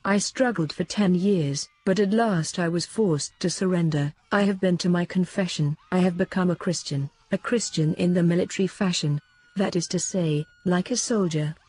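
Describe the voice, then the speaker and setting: A woman reading the lines of a grateful old soldier in an earnest, measured way. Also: lowish voice, a little mellow, husky.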